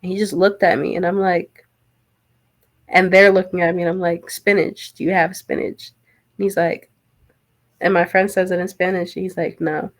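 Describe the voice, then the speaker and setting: A woman talks in a loose, casual podcast chat, with a gravelly, fry-edged voice. She tells her stories in a chatty way and laughs easily as she goes. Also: on the low side, little pitch movement. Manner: chatty storyteller, quick to laugh. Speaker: podcast guest.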